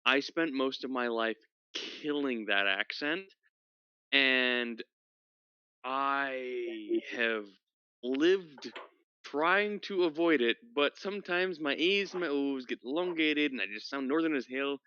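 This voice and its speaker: A man's voice: mid-range voice, takes it slowly, pushed and bright, clear, resonant tone, no room sound, muffled recording. A man from Minnesota chatting casually with fellow tabletop players, rambling and poking fun at himself. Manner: rambling, self-deprecating. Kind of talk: casual chat among gamers.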